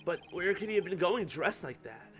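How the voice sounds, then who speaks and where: A performer voicing an earnest young male lawyer in a fan voice-over of a story game, quick to get flustered. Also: medium pitch, animated, faint music behind, lightly acted.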